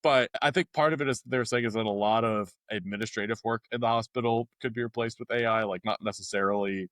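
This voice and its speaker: A man co-hosting a local news podcast, chatting casually and joking with quick put-on voices. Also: fairly low pitch, dry recording. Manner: joking, animated voice impressions. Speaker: podcast co-host, journalist.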